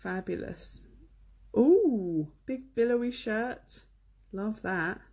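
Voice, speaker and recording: A woman's voice: medium pitch, measured pace, darkish tone. A woman from England giving a chatty, enthusiastic online English lesson, with many fillers, on a computer microphone. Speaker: English teacher.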